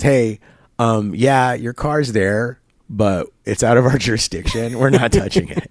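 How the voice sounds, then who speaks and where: Low-voiced man retelling a story animatedly. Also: normal speed, no room sound, studio quality. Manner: animated retelling with quoted dialogue and laughs. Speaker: interview guest. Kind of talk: storytelling in casual conversation. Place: barber shop.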